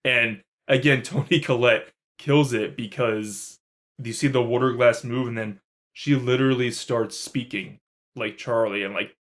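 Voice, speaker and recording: A man co-hosting a podcast, chatting casually and excitedly about a horror film, swearing freely. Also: medium pitch, measured pace. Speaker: podcast co-host. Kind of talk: casual movie review chat.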